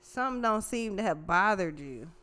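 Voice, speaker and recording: A woman's voice: mid-range voice, lively intonation, moderate pace, a bit bright. A woman doing a casual tarot reading, profane and slangy, talking animatedly straight to the viewer. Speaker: tarot reader.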